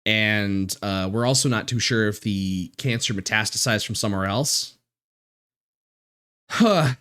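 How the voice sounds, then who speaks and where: A man streaming live, talking in a halting, emotional way with many restarts and swearing, close to tears. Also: on the low side, fairly bright tone. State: near tears. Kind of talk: casual live-stream chat.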